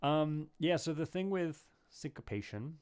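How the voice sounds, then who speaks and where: A man's voice: a little high, expressive, a little slow, a little mellow, clean tone. A man answering viewers' questions in a casual livestream banjo lesson, thinking aloud with many fillers and restarts. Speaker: banjo teacher. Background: banjo playing between phrases.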